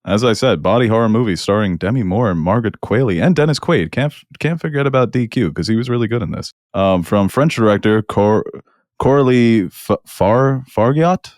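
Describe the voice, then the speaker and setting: A man's voice: lowish voice, lively intonation, normal speed, a little mellow, no echo, studio quality. A man co-hosting a movie podcast, making wry jokes and easing into a film review in casual chat. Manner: wry, joking, easygoing. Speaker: podcast co-host.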